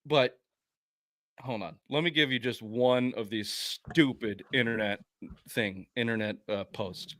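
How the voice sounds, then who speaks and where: A man's voice: medium pitch, unhurried, fairly bright tone, no echo, clean studio sound. A man hosting a sports talk podcast, ranting emphatically and swearing often in casual heated chat.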